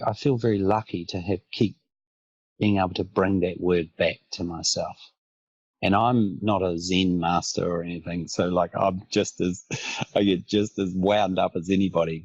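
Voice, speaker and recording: A man speaking as a podcast guest, talking in a thoughtful, soft-spoken way. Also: deep voice, fairly even intonation, normal speed, husky, dry recording, muffled recording. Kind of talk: casual reflective conversation.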